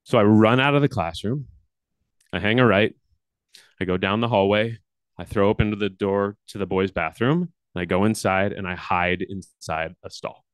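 Animated male storyteller, dry sound. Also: normal speed, no room sound. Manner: animated storyteller with big swings in pitch and loudness. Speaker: workshop leader. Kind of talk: personal storytelling talk.

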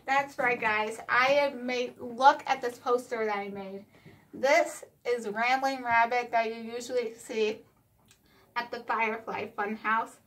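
Woman vlogger, somewhat high pitch, excited casual chat, mild retainer slur. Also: unhurried. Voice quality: slightly slurred speech from wearing retainers. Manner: chatty and excited.

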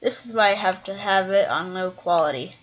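A woman's voice: medium pitch, fairly quick, soft background music. A woman giving casual gameplay commentary, chatting and thinking aloud as she plays, often trailing off mid-thought. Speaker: gaming video creator. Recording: dull lo-fi mic.

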